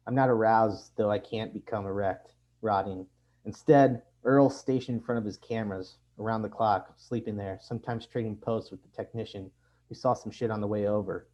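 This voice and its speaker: A man reading his own fiction aloud in a measured, deadpan delivery, in a dull lo-fi recording. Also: on the low side. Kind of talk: literary reading.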